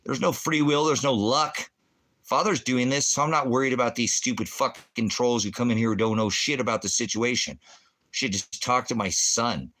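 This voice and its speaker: A man's voice: mid-range voice, steady tone, moderate pace. A middle-aged man and veteran hosting a ministry livestream, ranting angrily and cursing at commenters in a combative way. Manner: profane, combative, shouting insults at chat. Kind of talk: angry livestream rant.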